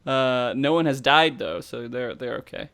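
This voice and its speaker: A man hosting a podcast, giving casual, animated play-by-play commentary over gameplay footage, laughing and swearing as he goes. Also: mid-range voice, moderate pace, clean tone. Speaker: podcast host.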